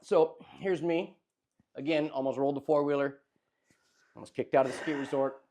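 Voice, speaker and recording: A young man telling a funny story in casual chat, animated and often laughing as he acts out what people said. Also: on the high side, normal speed, slight background noise. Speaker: podcast host telling a story.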